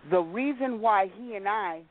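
A woman telling a personal testimony as a guest, slowly relating a story and acting out the people in it. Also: medium pitch. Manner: slow storytelling, acting out quoted voices. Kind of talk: personal testimony in a call-in talk. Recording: tinny phone line.

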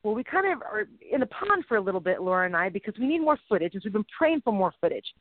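Tinny-sounding emotional mom co-host. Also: female voice, mid-range voice, sing-song, quick pace, no echo. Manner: emotional, rambling, playful sound effects. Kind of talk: casual faith-based chat. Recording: tinny phone-like dry audio.

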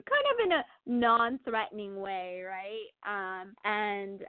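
A woman's voice: medium pitch, slow, smooth, no echo. Chatty woman on a tinny line. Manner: animated, laughing, lots of fillers. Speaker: guest sharing testimony. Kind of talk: casual testimony chat. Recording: tinny phone-like line, dry.

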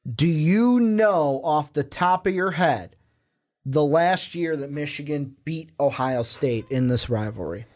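A man's voice: fairly high pitch, expressive, a little slow, a little mellow. A young man co-hosting a sports podcast in casual chat, quizzing his partner with rambling asides. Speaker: podcast co-host.

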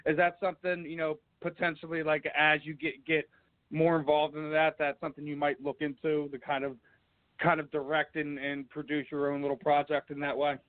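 Chummy Philly-accented host, tinny sound. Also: male voice, on the high side, little pitch movement, a little fast, no echo. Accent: Philadelphia. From Philadelphia. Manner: easygoing, chummy, says man and bro. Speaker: radio show host. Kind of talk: casual interview chat. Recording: dry, phone-like band.

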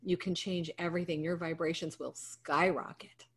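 Husky-voiced earnest woman guest. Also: on the low side, little pitch movement, moderate pace, a bit bright. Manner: earnest, emotional, uplifting. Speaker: guest coach. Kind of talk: heartfelt inspirational talk.

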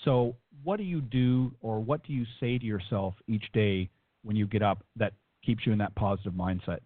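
A man's voice: lowish voice, moderate pace, dry recording. A man co-hosting a radio show, asking a guest questions in a hesitant way with many fillers. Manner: hesitant, searching for words. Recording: dry, tinny phone line.

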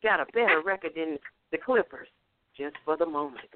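A woman's voice: deep voice, expressive, fairly quick, noisy background. A playful woman co-host teases her partners and rolls into rhythmic rhymed rundowns. She comes through a tinny phone line with a dry, narrow sound. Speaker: co-host reciting sports rhymes. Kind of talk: casual radio chat and rhymed rundown.

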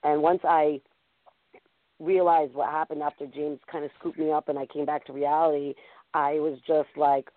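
A woman's voice: deep voice, level tone, normal speed, no echo. A woman host talks over a thin, phone-like line, loose and chatty, with lots of "you know"s and "um"s. The sound is dry and close, with no room around it. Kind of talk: casual call-in show chat.

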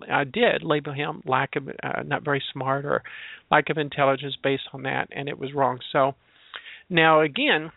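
A man's voice: a little high, vocal fry, no echo. A man who works as a transgender educator, explaining his views in a searching, reflective way and leaning on personal examples. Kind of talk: spoken reflection on labels. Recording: tinny, dry phone-line sound.

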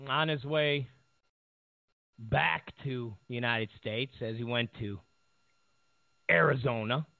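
A man's voice: medium pitch, slow pace, creaky, dry recording. A male talk show host giving sarcastic political commentary, rambling with lots of fillers. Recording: tinny phone-like line.

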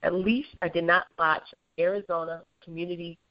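A woman's voice: on the low side, steady tone, normal speed, no room sound. Southern lady hosting a chill interview, lots of ums, kinda muffled dry recording. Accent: Southern US mixed with Upper Midwest. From Southern US, Georgia. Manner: chatty and self-deprecating, with many fillers. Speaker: podcast host. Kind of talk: casual interview.

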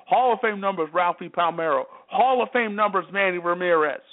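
Man, sports radio host, high voice, emphatic and repetitive, phone-like audio. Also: fairly quick. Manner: repetitive, emphatic, worked-up commentary. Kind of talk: call-in sports talk show monologue. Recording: tinny phone-line audio.

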